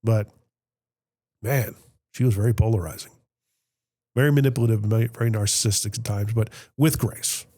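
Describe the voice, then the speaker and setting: A man hosting a podcast, telling a personal family story in a reflective, emotional way, often trailing off softly, with a Middle Tennessee accent. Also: lowish voice, steady tone, moderate pace, long pauses, dry recording. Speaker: podcast host. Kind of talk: candid conversational storytelling.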